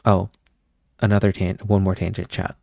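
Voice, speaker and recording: A man's voice: low-pitched, flat delivery, normal speed, vocal fry, darkish tone, no room sound, studio quality. A young man from Pennsylvania hosting a live stream, chatting casually with viewers in a rambling way and wandering off on tangents. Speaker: livestream host.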